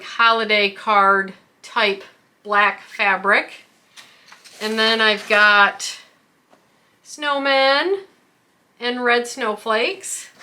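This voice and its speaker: A woman's voice: fairly high pitch, bright, forceful tone. A woman hosting a quilting tutorial who explains each step carefully, with the odd filler. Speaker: quilting channel host. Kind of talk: craft tutorial.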